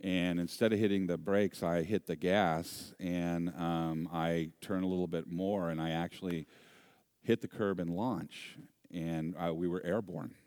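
A man with a low voice preaching a sermon. He tells personal stories in an animated way, with self-deprecating humor. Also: unhurried, clear, resonant tone, no echo, clean studio sound. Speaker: pastor.

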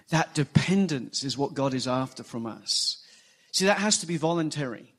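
A man preaching a sermon, animated and emphatic, acting out quoted lines. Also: mid-range voice, moderate pace. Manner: animated preaching, rising emphasis, quotes scripture in acted voices. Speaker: pastor.

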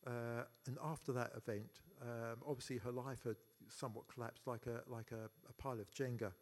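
A man speaks at a funeral, delivering a eulogy for his sister. He tells family stories in a halting way, full of fillers and false starts. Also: medium pitch, steady tone. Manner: halting and anecdotal, many fillers and restarts. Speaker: eulogy speaker, brother of the deceased.

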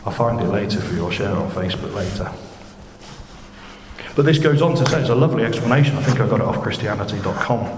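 A preacher with a fairly low voice gives an informal, chatty sermon, speaking to his congregation conversationally and tossing them quick questions. The hall is echoey with long reverb and a constant noise underneath.

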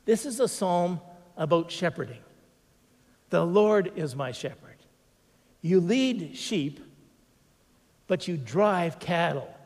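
A man preaching a sermon as pastor, emphatic, slowing down to stress repeated phrases. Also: a little high, a little mellow, in a large hall.

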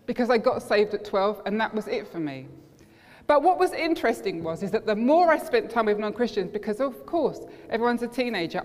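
A woman preaching a sermon, telling personal stories in an earnest way and acting out what her friends said. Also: mid-range voice. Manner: personal storytelling, earnest, acts out quoted friends. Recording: reverberant hall.

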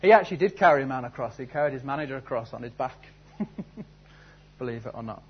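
A man's voice: medium pitch, expressive, brisk, highs cut off, slight background noise. A man preaching a sermon, telling a story and then asking earnest, searching questions. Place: church service.

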